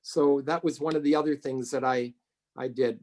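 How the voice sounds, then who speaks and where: A middle-aged man from Canada, a realtor being interviewed, telling stories in a conversational way and acting out quoted voices with big jumps in pitch. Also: steady tone, normal speed, darkish tone. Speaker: realtor guest.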